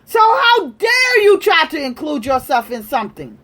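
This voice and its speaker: A woman's voice: sits high, very animated, normal speed, a bit bright. A woman delivering a heated, profane political rant, repeating her points with emphasis. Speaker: political commentator.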